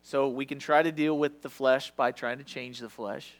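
A man preaching a sermon with passion, swinging from loud to hushed and sometimes stumbling over his words. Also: medium pitch, fairly even intonation, normal speed.

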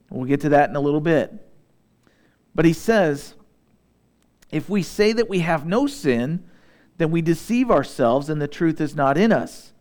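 A pastor from Southeast Missouri, a man with a somewhat high voice, is giving a sermon. He reads scripture slowly and deliberately, then slips into relaxed, conversational asides to his listeners between passages.

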